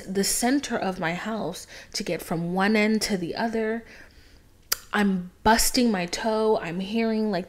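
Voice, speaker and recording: A young woman hosting a podcast, telling a personal story in a casual, dramatic monologue, swearing freely and dropping into whispers for emphasis. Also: medium pitch. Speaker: podcast host.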